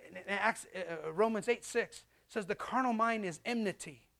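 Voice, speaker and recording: A middle-aged man preaching a sermon as a pastor, animated and storytelling, acting out little voices. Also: sits high, normal speed, creaky.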